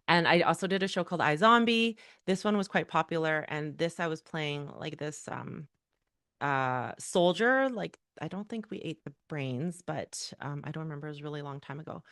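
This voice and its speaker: Woman, middle-aged, workshop speaker; low voice, conversational and candid, dry close mic. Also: no room sound. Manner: candid, conversational, with frequent fillers and rhetorical questions. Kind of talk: personal storytelling talk to an audience.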